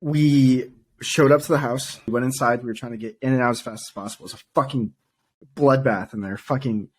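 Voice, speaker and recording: A man's voice: mid-range voice, fairly even intonation, fairly quick, lightly acted. A man voicing a panicked, foul-mouthed male crew worker who stammers and swears. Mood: shaken.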